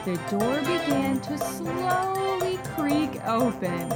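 A woman hosting a children's story show, narrating in a gentle, playful and upbeat way. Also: sits high, sing-song, slow pace, loud music behind the voice.

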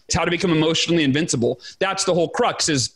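A man in his forties, a guest author telling his story in a podcast interview with emphatic, animated delivery. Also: on the high side, racing, slightly rough. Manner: animated, emphatic, acts out quoted dialogue.

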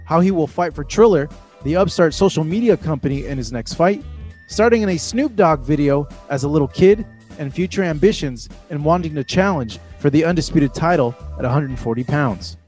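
High-voiced man hosting an interview. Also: animated, a little fast, darkish tone, soft background music. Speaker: interviewer and channel founder. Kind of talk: casual interview.

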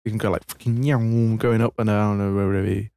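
A man co-hosting a podcast in casual chat, chiming in with quick agreement. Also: fairly low pitch, fairly even intonation, gravelly, dark tone, dry recording, studio quality. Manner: chatty, quick agreeing interjections. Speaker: podcast co-host.

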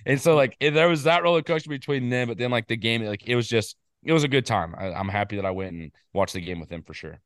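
A man co-hosting a casual football podcast, rambling excitedly with quick asides. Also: mid-range voice, smooth, no echo, studio quality. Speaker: podcast co-host. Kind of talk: casual sports chat.

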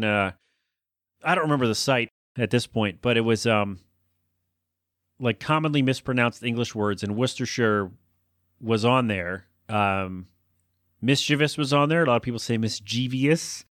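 A man's voice: mid-range voice, fairly bright tone, no echo, clean studio sound. A man hosting his own podcast, talking alone in a loose, joking, self-deprecating way that wanders off track. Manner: self-deprecating, jokey, meandering. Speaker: podcast host. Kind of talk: casual rambling monologue.

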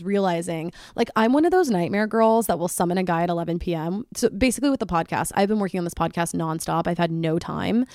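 A woman's voice: on the low side, fast talker, hardly any pauses, no echo, clean studio sound. A young woman hosting a solo podcast, chatty and full of "like", her voice jumping up when she gets worked up. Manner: chatty, fills speech with "like"; excitable, voice jumps up when worked up. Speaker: podcast host.

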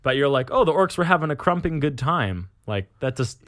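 A man's voice: on the high side, lively intonation, fairly quick, fairly bright tone, no room sound. A man co-hosting a podcast in casual chat, enthusiastic and talkative, stretching words for emphasis. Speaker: podcast co-host.

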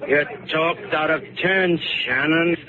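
A gloating, cruel smuggler captain. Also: male voice, a little high, slow pace, crowd noise. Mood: gloating menace. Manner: gloating, sneering, taunting. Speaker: ship captain. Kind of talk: 1950s radio drama acting. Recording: scratchy old radio broadcast, noisy, narrow band.

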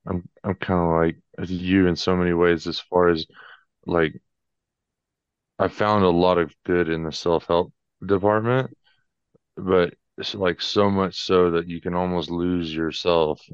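A man's voice: low-pitched, smooth, no echo. A man, a podcast guest, talking reflectively and hesitantly, repeating words as he thinks. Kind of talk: casual reflective chat. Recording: dry, slightly dull lo-fi audio.

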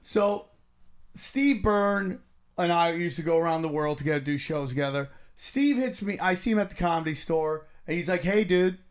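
A man's voice: a little high, moderate pace. A man hosting a podcast, telling stories in casual chat. He swears freely and acts out what people said. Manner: animated, profane, acts out quotes.

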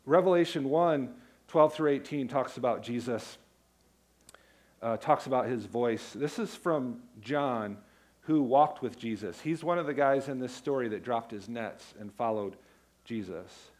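A man's voice: mid-range voice, measured pace, darkish tone. A middle-aged man, a pastor, preaching a sermon in a conversational, storytelling way that builds to emphatic declarations.

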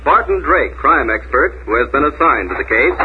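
An actor playing a brisk male radio newscaster reading a bulletin in a 1940s radio play. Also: mid-range voice, very animated, phone-quality sound, close to an everyday voice. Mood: formal. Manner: formal news delivery. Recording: crackly old radio broadcast.

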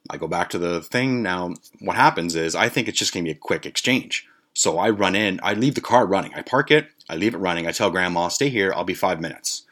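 A man's voice: deep voice, expressive, brisk, a bit bright. A man hosting a podcast, telling a long rambling story with lots of swearing, restarts and fillers. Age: adult with a grandmother. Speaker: podcast host. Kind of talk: casual storytelling rant.

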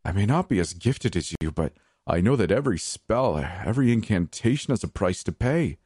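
A man's voice: on the low side, very animated, normal speed, a little mellow, husky, dry recording, studio quality, pitched above the performer's own voice. A man voicing a stern, wary male sorcerer in an audiobook. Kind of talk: audiobook character voice.

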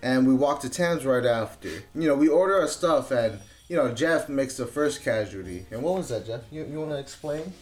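A man's voice: mid-range voice, lively intonation, moderate pace, few pauses, darkish tone, soft background music. A young man hosting a podcast, telling a story in casual, slang-heavy chat. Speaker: podcast host.

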